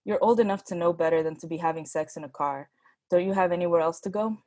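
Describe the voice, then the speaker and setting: A woman's voice: on the low side, fast talker, dark tone, no echo, studio quality, natural voice. Woman reading as a curt male cop. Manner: curt, dismissive. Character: stern male police officer.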